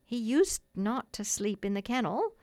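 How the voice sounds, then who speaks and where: A woman's voice: a little high, lively intonation, normal speed, no echo, lightly acted. Woman doing a brash young scoundrel of a boy.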